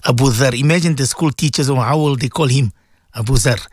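A man presenting a radio call-in show, reading out listener questions to his guest in a casual, lively way. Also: medium pitch, a little fast, husky, no echo, studio quality. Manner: lively, prompting, reads out messages.

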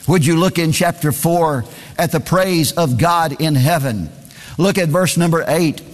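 A man's voice: fairly high pitch, a little slow, big-room sound. A man preaching a sermon, reading scripture aloud and driving his points home by repeating key phrases.

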